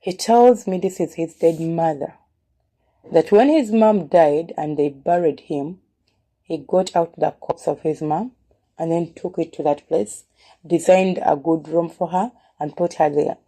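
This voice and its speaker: A woman's voice: low voice, a little slow, dark tone. A woman telling a personal story in an earnest way, often repeating words and restarting her phrases.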